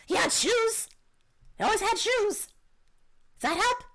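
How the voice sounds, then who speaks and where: A woman voicing an eager, simple-minded kobold who answers in halting bits with many drawn-out uhs. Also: extremely high pitch, expressive, fairly bright tone, pitched above the performer's own voice, exaggerated voice. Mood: eager, vague.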